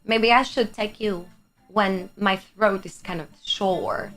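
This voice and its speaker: A young Greek woman, Greek her first language, talking to her viewers in loose, chatty English on a livestream. Her pitch sits in an ordinary middle range, and she laughs easily and drops the odd swear word. Soft music plays faintly behind her. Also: slow. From Greece. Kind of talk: casual chat with live chat.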